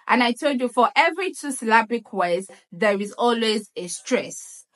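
A woman gives a pronunciation lesson in an unhurried, measured way. Her voice sits a little high, and she drills each syllable with exaggerated stress. She repeats the sounds slowly and clearly. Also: expressive, a bit bright. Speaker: pronunciation teacher.

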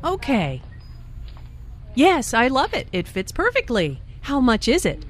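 A woman's voice: high voice, wildly swooping pitch, a little slow, a little hiss or hum, heavily acted. A woman playing a pleasant, decisive customer shopping for clothes in a scripted lesson dialogue. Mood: pleased. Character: cheerful adult female clothing shopper. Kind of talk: scripted role-play dialogue.

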